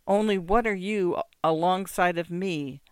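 A man's voice: high voice, unhurried, smooth, no room sound, clean studio sound. A man voicing a drunk, grieving peasant who pleads and threatens through tears. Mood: anguished. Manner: loud, tearful, pleading and threatening.

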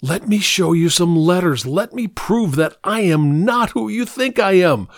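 A man's voice: expressive, measured pace, no echo, clean studio sound. A man voicing a terrified male salesman in a read-aloud story, stammering and pleading for his life. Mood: desperate. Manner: stammering, pleading, high and frantic. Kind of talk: dramatic story reading.

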